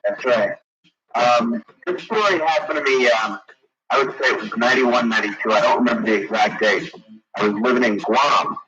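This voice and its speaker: A medium-pitched man talks at a normal speed with music behind him. He's phoning in to a late-night radio show and rambling through a story, full of fillers and restarts. The broadcast sounds dull and lo-fi, with a crowd audible.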